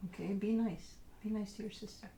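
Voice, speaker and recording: A woman's voice: medium pitch, steady tone, a little fast, dark tone, reverberant, a little hiss or hum. A woman who hosts tarot readings, chatting at home and cooing at her dogs in baby talk, laughing often and sometimes dropping to a whisper. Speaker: tarot reader host. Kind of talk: casual chat talking to her dogs.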